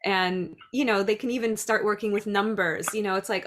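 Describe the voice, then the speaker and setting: A middle-aged woman who teaches dance and preschool, speaking in a chatty, lively way about classroom ideas. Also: mid-range voice, a little fast, a little hiss or hum. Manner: chatty, lively, acts out little voices. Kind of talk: casual talk.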